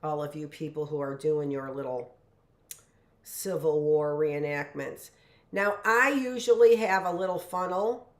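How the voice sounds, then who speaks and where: A woman in her late fifties teaches a casual live lesson from her kitchen, talking in a loose, rambling way full of asides and "you know." Her voice sits a little low. The sound carries the echo of a hard-surfaced room. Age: 50s. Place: home kitchen.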